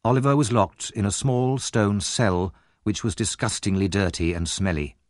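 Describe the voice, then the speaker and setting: A man's voice: lowish voice, normal speed, no echo, clean studio sound. A man reading a classic novel aloud as an audiobook narrator, telling the story expressively and dramatically. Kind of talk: scripted narration.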